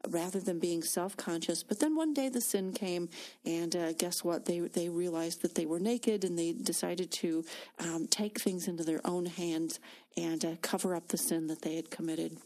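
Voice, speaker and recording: An earnest woman speaking about faith in a relaxed talk-show chat. Her voice sits a little low, and she tells stories with plenty of fillers and restarts. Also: moderate pace. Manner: earnest, storytelling, frequent fillers. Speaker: Christian women's ministry speaker.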